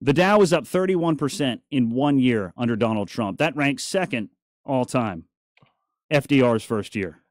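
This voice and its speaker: A man's voice: mid-range voice, animated, normal speed, darkish tone, dry recording, studio quality. A man hosting a talk radio show, chatty and opinionated with joking asides. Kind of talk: casual talk radio monologue. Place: radio studio.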